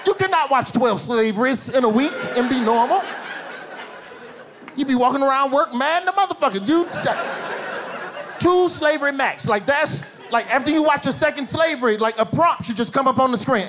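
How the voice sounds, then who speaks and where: A man's voice: very high voice, moderate pace. An American man doing stand-up comedy with an African American Vernacular English accent, telling loose, profane stories and putting on voices. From United States. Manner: loose, profane, animated storytelling with put-on voices. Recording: live show with audience noise.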